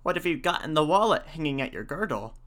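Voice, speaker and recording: A man voicing a cheeky chattering monkey in a storybook, squeaky and quick. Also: expressive, fairly bright tone.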